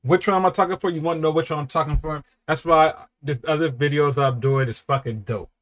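A man runs a music reaction in a loose, excited way, full of swearing, his voice jumping between quiet grumbles and sudden shouts. His pace is fairly quick.

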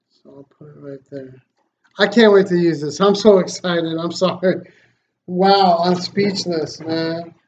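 Casual vlog host, male, slow, excitable and grateful; dull lo-fi recording. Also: high voice. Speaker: fishing channel host. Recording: slightly dull lo-fi sound, faint noise.

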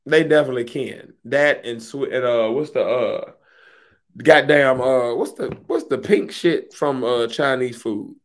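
A man co-hosting a podcast, talking in loud, profane, joking banter. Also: mid-range voice, unhurried. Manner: loud, profane, jokey, exaggerating. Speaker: podcast co-host.

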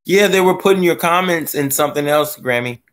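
A man hosting a gardening live stream, chatting casually as he reads viewer comments, joking and laughing, his voice swooping from low mutters up to high squeals. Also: fairly quick, a bit bright. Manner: playful, laughs often. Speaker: gardening livestream host.

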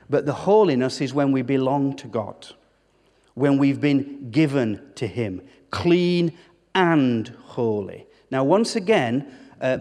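A man's voice: medium pitch, dark tone. A man preaching a sermon as a pastor, emphatic, throwing rhetorical questions to the congregation and repeating words as he builds a point. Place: church hall. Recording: long church-hall reverb.

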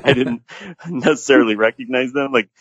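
A man's voice: medium pitch, steady tone, fairly quick, husky, no echo. A man on a podcast who casually and animatedly retells movie scenes at length. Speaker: podcast guest. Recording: dull lo-fi audio.

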